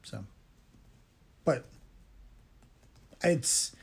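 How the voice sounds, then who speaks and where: A man's voice: drawn-out words, a little mellow, a little hiss or hum. A man co-hosting a casual film podcast, rambling with many restarts while retelling movie scenes. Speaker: podcast co-host. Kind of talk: casual chat.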